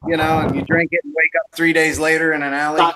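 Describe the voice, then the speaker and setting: A man's voice: a little high, little pitch movement, fast talker, over a noisy crowd, rough recording. A man who served in the army, joking and telling stories on a casual podcast. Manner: easygoing, joking storyteller. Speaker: army veteran podcast co-host.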